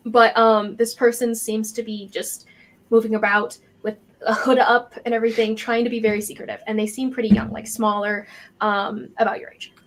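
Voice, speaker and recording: A woman's voice: fairly high pitch, flat delivery, normal speed. A woman narrating as game master, describing scenes with many fillers.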